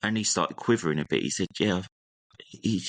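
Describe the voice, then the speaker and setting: A young man speaks in a low voice, casually recounting a personal story. He animates it by acting out what his relatives said. The recording is close and dry. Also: moderate pace, no echo. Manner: animated retelling, acting out family members' lines. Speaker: guest.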